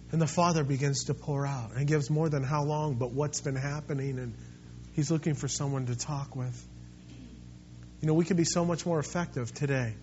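A man preaching a sermon as pastor, swinging between quiet, intimate stretches and loud, impassioned ones. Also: medium pitch, dull audio.

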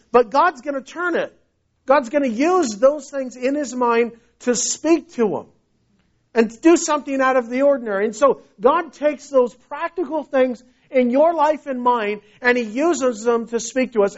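A man's voice: extremely high pitch, normal speed. A man preaching a sermon in a conversational storytelling way, often restarting his phrases. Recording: dull lo-fi recording.

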